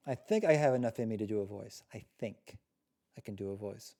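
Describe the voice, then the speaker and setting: A man hosting a live discussion, talking in a thoughtful, rambling way that trails off quietly. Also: lowish voice, a little fast. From Massachusetts, USA. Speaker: host.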